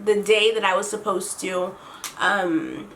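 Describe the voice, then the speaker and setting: A young woman from Canada, chatty and excitable, telling a story on her vlog. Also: medium pitch, slow, a little hiss or hum. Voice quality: slight lisp from a retainer. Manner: chatty, excitable, heavy use of "like". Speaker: beauty vlogger.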